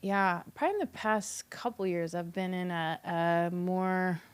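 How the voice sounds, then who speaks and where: A woman's voice: on the low side, lively intonation, unhurried, smooth. A woman from Kentucky with a Southern accent, a comedian chatting candidly on a podcast, laughing through her stories and swearing casually. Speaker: comedian guest.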